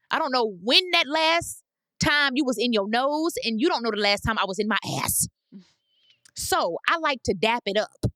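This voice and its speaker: Blunt, animated woman podcast host. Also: high-pitched, no echo. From United States. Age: 30s. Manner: animated, blunt and emphatic, with repeated phrases. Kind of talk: casual advice monologue.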